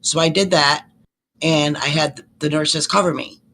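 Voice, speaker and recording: A woman's voice: deep voice, fairly even intonation, unhurried, fairly bright tone, slight background noise. A woman in her sixties, a nurse and panelist, rambling through an emotional explanation in casual chat.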